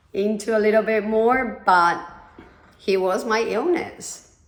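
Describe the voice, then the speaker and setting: A woman's voice: mid-range voice, creaky. A woman hosting a podcast, telling her own story in a candid, loose way, swearing often and filling her speech with "like" and "you know". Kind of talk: personal storytelling monologue. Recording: echoey room.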